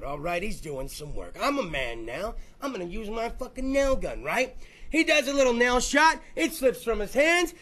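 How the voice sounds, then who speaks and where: A man hosting a podcast, telling crude, rambling stories full of swearing and quick put-on voices. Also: very high voice, pushed and bright. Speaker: podcast host. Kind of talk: crude comedic podcast rant.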